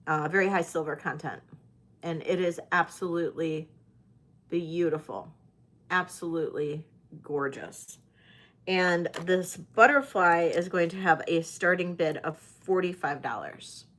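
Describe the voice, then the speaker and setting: A woman's voice: on the low side, a little slow, a bit bright. A woman selling jewelry in a live-stream auction, chatty and hesitant with many fillers. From United States.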